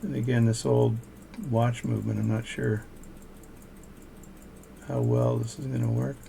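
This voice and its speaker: Gravelly older man narrating watch repair. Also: medium pitch, steady tone, measured pace, mellow, a little hiss or hum. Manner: casual, chatty, thinks aloud between tasks. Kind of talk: narrating repair work as he goes. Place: home workshop.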